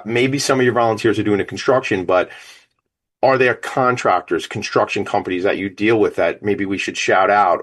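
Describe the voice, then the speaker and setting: A man hosts a talk radio show with a fairly low voice and plenty of excitable energy. He leans in and addresses his listeners as a gang. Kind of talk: emotional talk radio interview.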